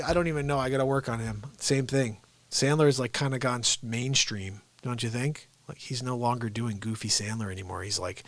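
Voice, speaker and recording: A man hosting a casual livestream, talking in rambling quick asides. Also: mid-range voice, fairly even intonation, fairly bright tone, no room sound. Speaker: host and impressionist.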